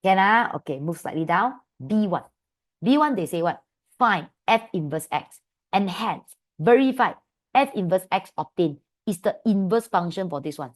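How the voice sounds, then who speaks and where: A woman with a Malaysian English accent teaching an online maths class, calling her students "my dear" and asking them quick questions. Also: mid-range voice. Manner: affectionate, calls students "my dear"; lively, asks many quick questions. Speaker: maths tutor.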